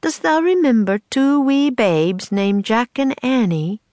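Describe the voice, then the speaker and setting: A woman's voice: on the high side, big pitch swings, measured pace, a little mellow, dry recording, pitched above the performer's own voice. A woman voicing a friendly colonial governor in a storybook reading, speaking with courteous, old-fashioned phrasing.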